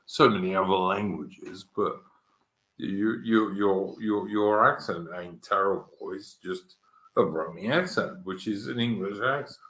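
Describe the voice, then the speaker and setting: Host, male, lowish voice, blunt and matey with casual swearing, roomy echo. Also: measured pace, fairly bright tone. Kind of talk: casual chat.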